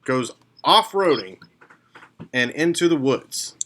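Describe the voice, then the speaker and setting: Brief: male game master who narrates slowly and pauses often. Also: mid-range voice, expressive, a bit bright. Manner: unhurried, with pauses and fillers.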